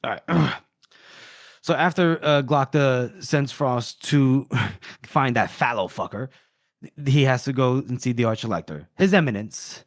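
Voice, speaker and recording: A man's voice: mid-range voice, no room sound. Man, podcast co-host, rambling retelling, dry close sound. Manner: rambling, retells scenes doing quick character voices. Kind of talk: casual book discussion.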